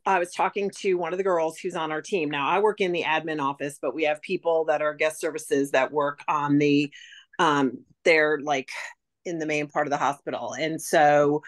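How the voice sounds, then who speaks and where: Woman consultant sharing sales tips, a bit low in pitch, rambling and chatty with many fillers. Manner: chatty, heavy use of "like" and "um". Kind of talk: casual sales advice talk.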